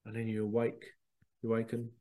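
Mellow-voiced man telling a rambling story. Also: on the low side, fairly quick. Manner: excitable, rambling, repeats himself, swears casually. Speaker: spiritual medium and podcast host. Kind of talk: casual storytelling monologue.

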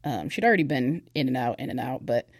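With a very deep, expressive voice and a quick pace, a young woman speaks as a guest on a podcast. She recounts her personal story candidly and conversationally, full of fillers, in studio-quality audio without room sound.

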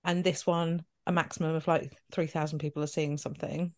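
A woman's voice: sits low, level tone, a little fast, a little mellow. Chatty, giggly woman. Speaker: podcast co-host. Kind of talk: casual chat.

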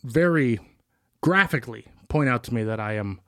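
A man's voice: mid-range voice, animated, normal speed, fairly bright tone, smooth, dry recording, studio quality. A man in his thirties co-hosting a podcast, bantering and teasing in casual chat. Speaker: podcast co-host.

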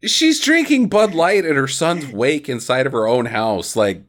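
A man's voice: medium pitch, lively intonation, a little slow. A man co-hosting a casual movie podcast, joking around and acting out characters in silly voices. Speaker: podcast co-host. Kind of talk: casual movie-riffing chat.

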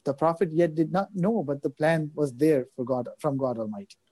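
A man with a fairly high voice tells a religious story at a fast, halting pace. He fills gaps with fillers and stumbles over repeated words. His tone is mellow and warm, and the sound is close and dry. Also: slightly rough, dry recording. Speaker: religious guest speaker. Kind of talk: recounting a religious story in conversation.

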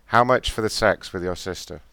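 A man hosting a show and making prank calls, deadpan and provocative, laughing often. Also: sits low, brisk, vocal fry, dry recording. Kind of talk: casual prank-call banter.

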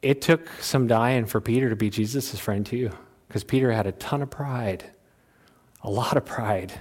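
A male pastor preaches a sermon in a plain-spoken, folksy style at normal speed. He swings between loud, high-pitched exhortation and quiet, low asides.

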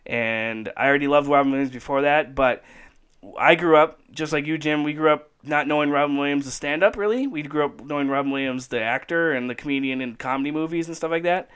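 A man co-hosting a casual chat, excited and laughing often, acting out bits in high voices. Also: a little fast, clear, resonant tone. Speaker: podcast co-host.

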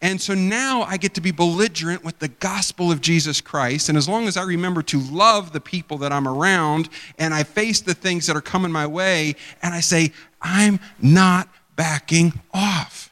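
Man, pastor, sermon, a bit high-pitched, long hall echo, loose storytelling. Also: a little fast, few pauses, sharp tone. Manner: rambling, conversational, acts out quoted people. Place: church sanctuary.

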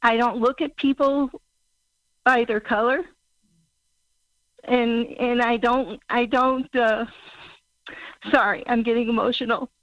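A woman in her sixties from Missouri, calling in to a talk show and speaking haltingly as she searches for words. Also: on the high side, steady tone, a bit bright, no room sound. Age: 60s. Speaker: caller. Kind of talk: call-in talk show caller. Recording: muffled phone call.

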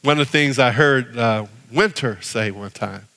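A man preaching a sermon as pastor, animated, swinging from loud exhortation to hushed prayer. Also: mid-range voice, unhurried. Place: church sanctuary. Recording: long reverb of a church hall.

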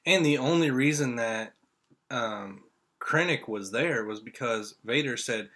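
Indiana guy co-hosting a podcast, bright voice, gushing and rambly. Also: mid-range voice, measured pace. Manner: excited, rambling fan talk. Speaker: podcast co-host. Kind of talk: casual chat.

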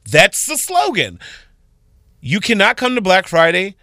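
Male radio guest, bright crisp voice, animated dramatic storyteller, dry studio sound. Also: very high-pitched, unhurried, no room sound. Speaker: retail worker guest.

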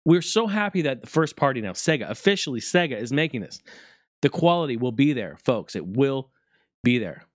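A man ranting excitedly to his viewers about retro game consoles, swearing freely and talking straight to the audience. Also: medium pitch, brisk, no echo, studio quality. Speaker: gaming video creator. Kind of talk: excited casual rant to camera.

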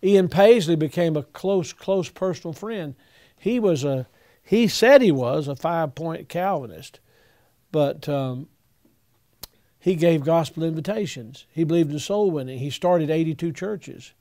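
An older man, a pastor giving earnest, folksy advice to young preachers, halting now and then with fillers. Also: fairly high pitch, animated, warm tone.

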